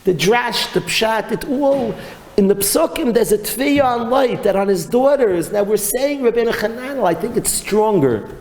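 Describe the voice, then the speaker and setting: A man's voice: sits high, moderate pace. Man lecturing in a reverberant hall. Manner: animated, peppered with Hebrew and Yiddish terms. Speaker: rabbi teaching a Torah class. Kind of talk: storytelling Torah lecture. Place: yeshiva hall. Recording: reverberant hall with faint noise.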